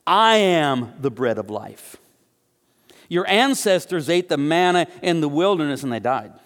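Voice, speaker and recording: A man preaches in a relaxed, conversational way, acting out the lines of biblical figures and slowing down to stress key phrases. His voice sits a little higher than most men's. The sound carries a long reverb, as in a large hall. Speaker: pastor. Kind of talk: sermon.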